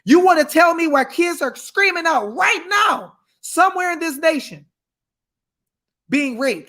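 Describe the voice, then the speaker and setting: Fiery high-voiced preacher man. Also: sing-song, unhurried. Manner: fiery, shouting, reads scripture aloud. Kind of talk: impassioned preaching.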